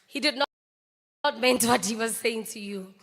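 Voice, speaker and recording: A woman's voice: fairly high pitch, normal speed, fairly bright tone. A South African woman, an actress, giving a memorial eulogy, telling anecdotal stories that mix languages, with laughs between stories. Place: large memorial hall. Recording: long hall reverb.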